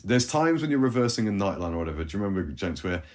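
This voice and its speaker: Fast-talking deep-voiced man. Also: a little hiss or hum. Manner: animated anecdote-teller, many restarts. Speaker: band member. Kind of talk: storytelling in a podcast chat.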